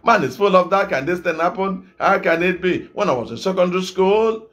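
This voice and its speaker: A middle-aged Nigerian evangelist preaching a sermon, repeating phrases and asking the congregation rhetorical questions. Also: male voice, high-pitched, brisk, fairly bright tone. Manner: repetitive exhortation, rhetorical questions.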